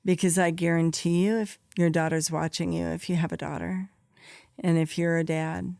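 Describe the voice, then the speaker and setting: A woman's voice: fairly low pitch, level tone, normal speed, gravelly, a little mellow, dry recording, clean studio sound. A woman podcast host and psychologist giving direct, practical advice, stressing her key points and checking in with "okay?". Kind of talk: advice monologue.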